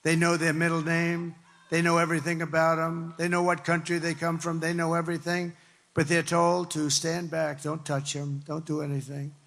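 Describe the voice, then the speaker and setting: Older man from new york, rally speech, gravelly and sharp tone, rambling, repetitive, big hall reverb. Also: a little high, completely flat delivery, moderate pace. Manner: repetitive, emphatic, rambling and conversational. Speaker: political speaker. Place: large hall before a crowd.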